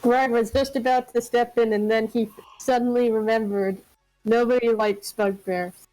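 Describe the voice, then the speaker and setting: A woman playing a tabletop role-playing game in a casual, giggly, unhurried way. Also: fairly high pitch, steady tone, mellow, soft background music, low-quality recording. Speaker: player.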